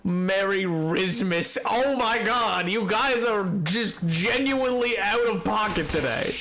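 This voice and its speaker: A young man with a cold, streaming a game live and talking with his chat in an animated, exasperated, joking way. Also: high-pitched, slow pace, a little hiss or hum. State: has a cold. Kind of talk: live gameplay commentary.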